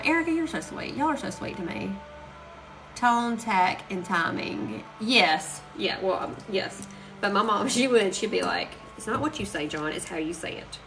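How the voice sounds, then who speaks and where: Chatty woman crafter, bright voice. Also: mid-range voice, rough recording. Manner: chatty, rambling storyteller, addresses viewers as y'all. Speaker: crafter hosting a live stream. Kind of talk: casual chat while crafting. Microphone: phone live stream.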